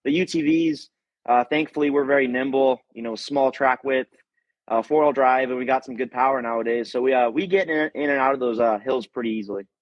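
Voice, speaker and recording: A man's voice: medium pitch, a little fast, dry recording. A man, an off-road racer, chatting as a guest in a laid-back, modest way with lots of fillers. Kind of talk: casual interview chat. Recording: dull lo-fi call audio.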